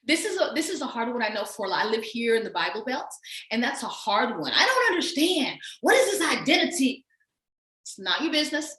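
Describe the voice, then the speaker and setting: A woman with a Southern drawl chats about her book in a lively, emphatic way. Her voice sits a little high and rings bright. The sound is roomy and echoey. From Texas, USA. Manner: lively, emphatic, quick to laugh. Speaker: author. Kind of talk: casual conversation.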